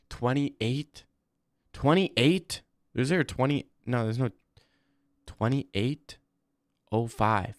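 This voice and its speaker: A young man hosts a casual livestream, talking through viewer comments in a loose, rambling, slangy way. His voice sits at an ordinary middle pitch. The sound is dry and close, with no room echo. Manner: rambling, slangy, says "bro" often. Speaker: livestream host.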